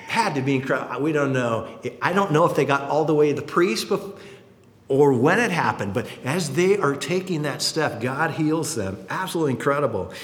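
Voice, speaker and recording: Animated preacher in an echoing hall. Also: male voice, on the high side, a little fast. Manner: animated, acts out quotes. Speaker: pastor. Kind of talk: sermon. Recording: roomy hall reverb.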